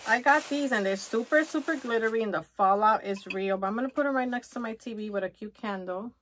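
Woman, casual haul vlog, gushing, excitable, chatty, faint background hiss. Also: on the high side, fast talker. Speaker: haul vlogger.

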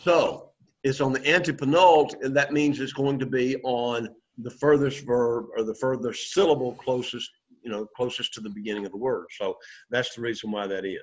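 A man's voice: mid-range voice, fairly even intonation, moderate pace, muffled recording, slight background noise. A man teaching a Greek class, explaining patiently and checking in with "okay?" after each point. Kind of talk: classroom lesson.

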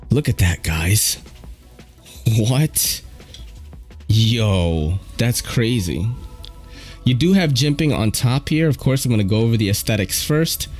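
A man hosting his channel, chatting casually and excitedly in slang while unboxing at home. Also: on the low side. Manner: slangy, excitable, loud exclamations. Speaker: channel host reviewing knives. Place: at home at a table.

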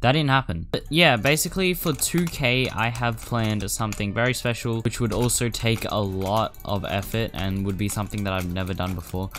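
A young man, commentating his own gameplay, excitable and gasping, swinging between loud yelps and mumbled asides. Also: fairly low pitch, moderate pace, few pauses. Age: teens. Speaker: gaming YouTuber.

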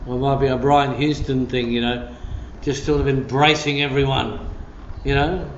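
A man's voice: medium pitch, level tone, moderate pace, a little hiss or hum. A male pastor preaching a sermon with blunt, impassioned emphasis in a church meeting. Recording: roomy room, faint guitar.

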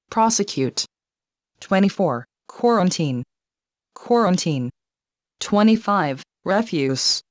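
A woman reading a numbered vocabulary list aloud, saying each number and then each word twice in a measured, even way. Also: medium pitch, dry recording. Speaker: vocabulary reader. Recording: dull, slightly lo-fi dry recording.

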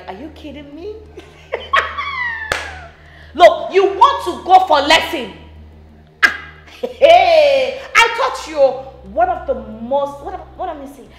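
An actress with a Nigerian accent playing a hot-tempered, scornful wealthy stepmother who mocks and scolds loudly. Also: high-pitched, exaggerated voice. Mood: scolding. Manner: loud, mocking and scolding. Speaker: film actress. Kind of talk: Nollywood film acting. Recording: echoey room with faint music.

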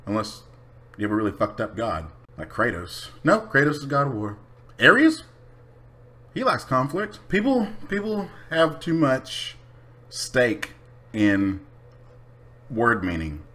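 A man's voice: mid-range voice, huge pitch swings, takes it slowly, pauses often, bright, forceful tone. A man talking casually to camera, blunt, profane and unapologetic. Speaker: vlogger.

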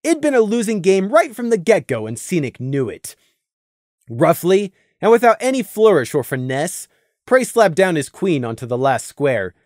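A narrator reading a fan audiobook with expressive storytelling on a close mic. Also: medium pitch, moderate pace, no room sound.

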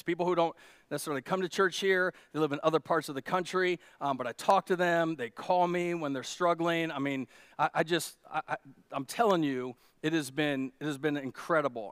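Pastor preaching in a dry, close sound. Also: male voice, fairly high pitch, fairly bright tone, clean tone, dry recording. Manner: storytelling, many restarts and fillers, building to emphatic peaks. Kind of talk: conversational sermon. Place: church.

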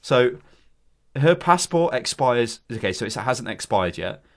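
A man's voice: mid-range voice, very animated, unhurried. A young British man co-hosting a let's play, chatting casually, swearing and reacting in mock outrage. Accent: British English. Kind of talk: casual gameplay chat.

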